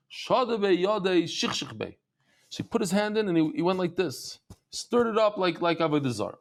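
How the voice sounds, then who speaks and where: Man, Talmud teacher, slightly high voice, animated storyteller who acts out the voices. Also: fairly quick. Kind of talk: lively Talmud class.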